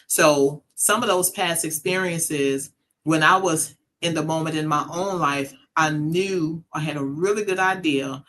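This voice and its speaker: A middle-aged mother with a deep, slightly bright voice speaks unhurriedly, with a little hiss or hum in the recording. Earnest and reflective, she shares a personal story in casual conversation and acts out quoted voices.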